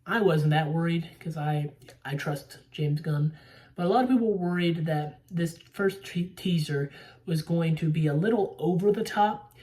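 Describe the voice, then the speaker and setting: Low-ish woman rambling and swearing about a trailer, sounds kinda far from the mic. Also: moderate pace. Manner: rambling, profane, excitable fan talk. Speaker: movie trailer reactor. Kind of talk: casual trailer reaction.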